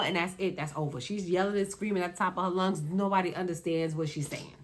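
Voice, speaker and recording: Woman doing sassy reality tv commentary, lowish voice, keeps repeating herself. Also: fairly even intonation, fast talker, hardly any pauses. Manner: sassy, repetitive, dismissive. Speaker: reality show reviewer. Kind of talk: casual commentary.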